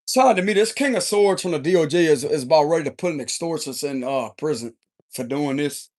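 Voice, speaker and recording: A man's voice: on the high side, expressive, a little fast, a little mellow. A man giving an unscripted tarot reading in a heated, confrontational and profane way. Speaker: tarot reader.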